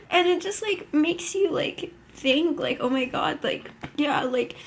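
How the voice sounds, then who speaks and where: A woman's voice: a little high, vocal fry, slight background noise. A young woman talking casually to camera at home, rambling with lots of "like" and gasping, emotional reactions. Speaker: vlogger. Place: at home, sitting in a chair.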